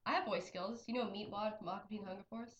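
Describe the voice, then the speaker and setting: A woman's voice: mid-range voice, steady tone, normal speed, fairly bright tone, reverberant, lo-fi sound. A woman hosting a podcast in casual chat, her voice scratchy from a cold, teasing and blunt. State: hoarse from a cold. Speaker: podcast host. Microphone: close to the mic.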